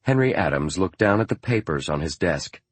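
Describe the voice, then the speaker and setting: Deep, husky-voiced male narrator. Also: animated, a little fast, no echo. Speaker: audiobook narrator. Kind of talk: scripted narration.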